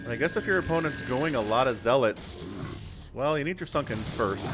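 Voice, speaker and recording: A man's voice: mid-range voice, background noise. A man casting a strategy game live, chatty and laughing easily as he talks to his chat. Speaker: game caster, channel host. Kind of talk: casual live game commentary.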